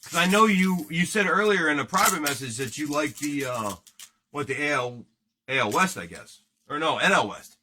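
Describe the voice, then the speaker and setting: A man in his thirties hosts a live card break, joking and rambling loosely with his viewers. His voice sits a little high with a bright edge. It swings widely in pitch as he talks. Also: expressive, normal speed, a little hiss or hum. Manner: joking, rambling, banters with chat.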